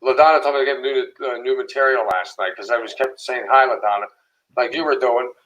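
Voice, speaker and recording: A man's voice: medium pitch, fairly even intonation, fairly quick, a bit bright, poor audio. A man co-hosting a casual livestream, loose and profane, greeting viewers by name. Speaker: livestream co-host.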